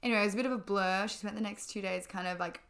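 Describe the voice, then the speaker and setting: A woman's voice: medium pitch, fairly even intonation, very fast, a bit bright. A young woman chatting as a podcast co-host, telling a story with lots of fillers. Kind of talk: casual chat.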